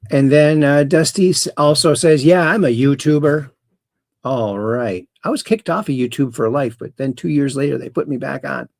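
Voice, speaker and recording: A middle-aged man hosts a casual livestream, rambling through dad jokes and reading out viewers' chat greetings. His voice sits at an ordinary pitch. The sound is close and dry. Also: normal speed, vocal fry, dry recording. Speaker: host. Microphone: close camera mic.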